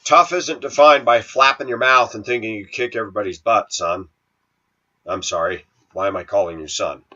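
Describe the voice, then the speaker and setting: He's a middle-aged channel host with the sniffles from a cold, ranting to camera at a moderate pace. In a lowish, sharp-toned voice he scolds and preaches combatively at his viewers, and the sound is dull and lo-fi.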